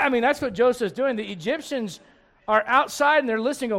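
A middle-aged man preaching a sermon to his congregation in a folksy, animated way, slipping into acted asides. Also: high-pitched, brisk, gravelly. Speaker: pastor.

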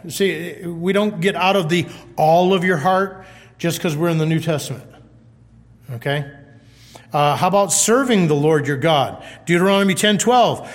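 Male pastor, high voice, chatty animated sermon, long hall reverb. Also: moderate pace. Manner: conversational, animated, reads scripture aloud.

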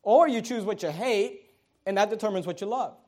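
A man's voice: sits high, moderate pace, darkish tone. A middle-aged man preaching a sermon, emphatic and repetitive, guiding listeners through scripture with joking asides. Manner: emphatic preaching with repeated phrases and asides to the congregation. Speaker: pastor.

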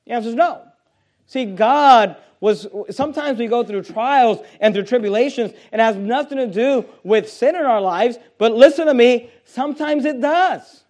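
High-voiced man preaching a sermon. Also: moderate pace, a little mellow. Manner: emphatic preaching, reading scripture aloud in King James wording; rhetorical questions, frequent restarts. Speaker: pastor.

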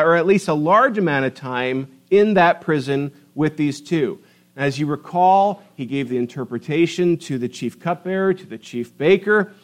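A middle-aged man preaching a sermon in a church, telling stories and stretching out words for emphasis. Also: a little high. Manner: storytelling, emphatic drawn-out stresses. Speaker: pastor. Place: church sanctuary.

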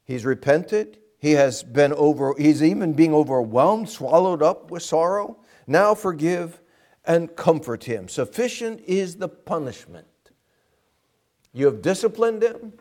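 An earnest male pastor preaches with a lively, expressive voice that rises and falls freely. He sits a little above the usual pitch for a man and presses his points with direct questions to the congregation. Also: unhurried. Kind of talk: sermon.

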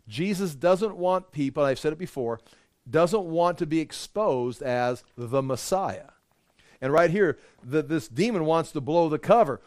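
A man preaching as a pastor, explaining scripture in a conversational, animated way with frequent restarts. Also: fairly high pitch, measured pace, dry recording, clean studio sound. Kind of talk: Bible study sermon.

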